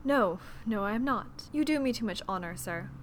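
A woman voicing a gentle, shy young woman who speaks softly, earnestly and politely in a storybook reading. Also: medium pitch, animated, normal speed, slight background noise, lightly acted. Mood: flustered.

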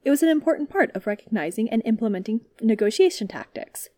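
A woman reading a story aloud as narrator, in a calm, steady manner. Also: fairly high pitch, fast, no echo.

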